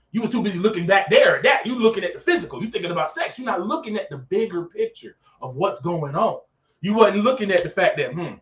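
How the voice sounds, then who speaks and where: A man hosting a talk show, preaching casually and animatedly, repeating phrases for emphasis, recorded in an office. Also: a little high. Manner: animated, acts out characters in skits. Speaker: podcast host. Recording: echoey room, dull sound, mic at a distance.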